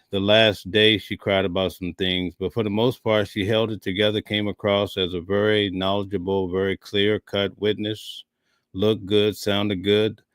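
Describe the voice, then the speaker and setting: A man with a low voice gives measured impressions on a livestream panel. He lists his points in short phrases, and his sound is dry and close. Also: a bit bright, no room sound. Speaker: panelist, courtroom observer. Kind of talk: casual panel discussion.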